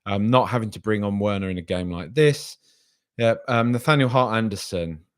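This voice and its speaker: A man's voice: lowish voice, normal speed. Man, rambling podcast host. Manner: rambling and hesitant, then argumentative and exasperated. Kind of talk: casual live-stream commentary reading viewer comments.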